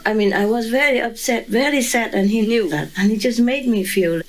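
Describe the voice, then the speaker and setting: A woman's voice: a little high, brisk, poor audio. A woman being interviewed who tells a story with animation, laughing often and acting out voices and sounds.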